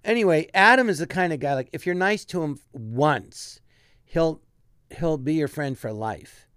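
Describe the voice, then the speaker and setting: Rambling storytelling man, higher voice. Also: expressive, normal speed, a bit bright, clean tone, no room sound, clean studio sound. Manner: rambling anecdotes with frequent restarts. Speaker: guest comedian. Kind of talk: casual storytelling.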